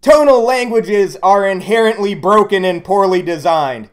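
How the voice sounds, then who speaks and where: A man with a notably high speaking voice delivers blunt, sarcastic commentary in a ranting video. He talks bluntly and mocks as he goes. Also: normal speed. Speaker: YouTube commentator.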